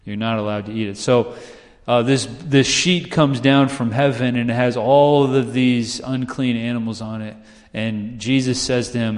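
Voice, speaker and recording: In a hall with long reverb, a man of medium pitch delivers a sermon unhurriedly, in a steady tone with hardly any pauses. As a pastor speaking conversationally, he asks "right?" a lot and acts out quoted voices.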